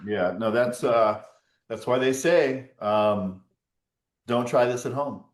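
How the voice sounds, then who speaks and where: A man's voice: medium pitch, takes it slowly. A man hosting a sobriety support call, talking casually and rambling, swearing now and then. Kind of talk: casual group call chat. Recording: roomy echo.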